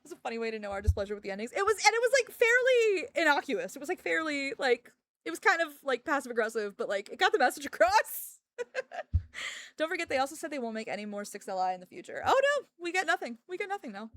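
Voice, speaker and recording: Animated ranting woman streamer. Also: high voice, quick pace, no echo, studio quality. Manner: ranting, sarcastic, laughs often. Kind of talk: casual livestream chat.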